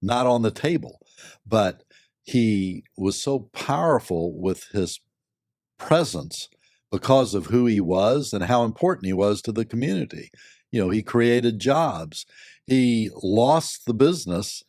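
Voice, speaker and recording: An older man, a company board member and lawyer, giving measured, thoughtful answers with many pauses and fillers. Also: on the low side, animated, darkish tone, no room sound, clean studio sound. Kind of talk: reflective interview answers.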